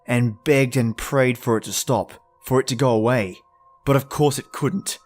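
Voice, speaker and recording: A man's voice: medium pitch, steady tone, normal speed, soft background music. A man narrating a first-person horror story in a somber, emotional manner.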